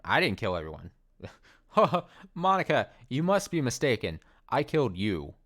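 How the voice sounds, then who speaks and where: A man's voice: mid-range voice, sing-song, measured pace, fairly bright tone. A man streaming a game, talking casually, swearing and laughing often. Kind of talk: casual let's play commentary.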